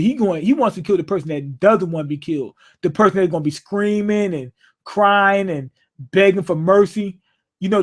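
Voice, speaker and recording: A man with a high voice talks through a TV episode in a casual, rambling way. He jokes, circles back and repeats himself as he goes. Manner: joking, loose and conversational, repeats himself. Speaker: show reviewer.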